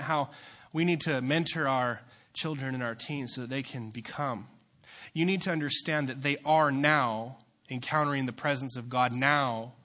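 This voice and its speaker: A young male youth pastor with a bright, forceful voice delivers a sermon. He shifts from low, offhand asides to loud, fervent preaching. His pitch sits in the middle range for a man. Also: normal speed.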